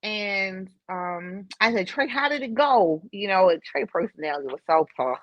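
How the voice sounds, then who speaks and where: A middle-aged woman, a podcast guest, telling a personal story in an emotional, animated way. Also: medium pitch, moderate pace, no room sound. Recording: slightly dull dry recording.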